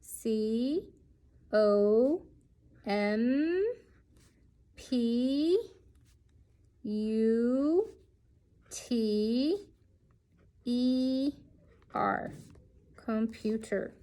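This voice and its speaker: A woman's voice: a little high, expressive, extremely slow, pauses often, mellow. A woman teaching a children's lesson, speaking patiently and sounding out each letter.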